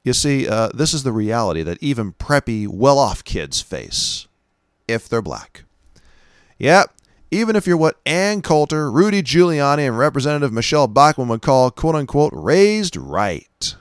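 A man's voice: medium pitch, sing-song, normal speed, clean tone, no room sound, studio quality. A man hosting a commentary show who reads an article aloud and then comments with emphatic, sarcastic asides to his listeners.

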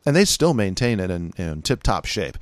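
A middle-aged man with a Californian accent hosting his own podcast, talking in a folksy, chatty way with lively emphasis. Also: low-pitched, moderate pace, no room sound. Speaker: podcast host. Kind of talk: casual solo podcast talk.

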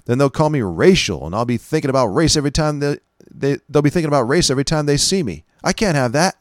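A shaken fifteen-year-old boy, as a man puts him on, with a voice pushed up high. He rambles out one worried question after another. The sound is dry and close. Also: expressive, fast talker, no echo, lightly acted. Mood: pleading.

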